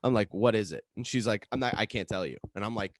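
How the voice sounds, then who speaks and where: A man's voice: on the low side, fast talker, dry recording. A young man co-hosting a podcast, telling a long story in casual chat with lots of swearing. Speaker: podcast co-host.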